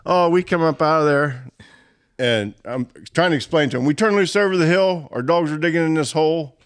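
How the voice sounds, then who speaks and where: A man telling a hunting story in casual talk, animated and often laughing. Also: a little high, brisk, smooth. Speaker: guest storyteller.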